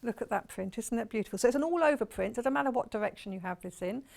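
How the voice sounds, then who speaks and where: A woman's voice: fairly high pitch, animated, fast talker, vocal fry, a little mellow. A woman with a Portsmouth accent presenting products live on a shopping channel in a television studio, chatty and rambling, gushing over what she shows. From England.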